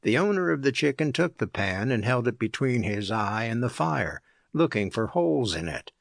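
A man reading an audiobook aloud as narrator, in a measured, even storytelling manner. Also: medium pitch, creaky, no room sound, clean studio sound. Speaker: audiobook reader.

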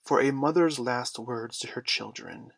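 A man's voice: mid-range voice, a little slow, gravelly, a bit bright, no echo. A man playing Captain Hook, a roaring pirate captain. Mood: gloating. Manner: snarling, syrupy, roaring orders. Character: menacing gloating pirate captain, grand manner.

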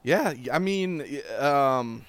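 A man's voice: medium pitch, lively intonation, slow pace, clear, resonant tone, no room sound. A man with a slight Southern twang co-hosting a sports podcast in laid-back, joking casual chat. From Charlotte area. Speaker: podcast co-host.

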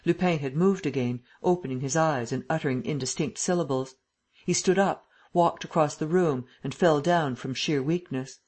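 A reader narrates a classic adventure novel at a steady, measured pace. The voice has a husky, slightly breathy grain and sits at a middle pitch. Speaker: audiobook narrator. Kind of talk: scripted audiobook narration.

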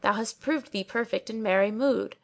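A woman voicing a generous nobleman who speaks slowly and graciously. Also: on the high side, creaky.

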